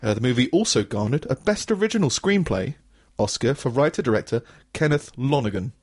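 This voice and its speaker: A man's voice: medium pitch, lively intonation, fairly quick, a little mellow, breathy edge. A man co-hosting a casual comedic podcast, rambling, laughing often and swearing freely. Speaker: podcast co-host.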